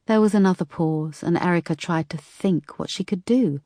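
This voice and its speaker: A woman reads a mystery audiobook in a low, measured voice. The recording is close and dry, with no room sound. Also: mellow, dry recording. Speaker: audiobook narrator. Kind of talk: scripted narration.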